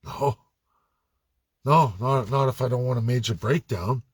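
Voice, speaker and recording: A man's voice: mid-range voice, measured pace, husky, no room sound. A man ranting to camera in a blunt, sarcastic and profane way, mocking the voices of others. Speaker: political commentator. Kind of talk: angry rant to camera.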